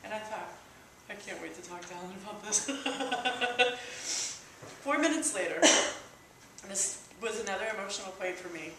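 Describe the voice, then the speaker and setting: A woman sharing a personal testimony at church, in a halting, emotional way with many restarts. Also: medium pitch, animated, bright, forceful tone. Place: church hall. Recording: echoey hall, distant mic, faint hiss.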